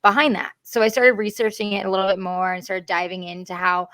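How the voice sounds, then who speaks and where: A woman's voice: medium pitch, level tone, brisk, a bit bright, no echo. A woman speaking as an interview guest, talking candidly and earnestly with lots of fillers. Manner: chatty, earnest, heavy with fillers.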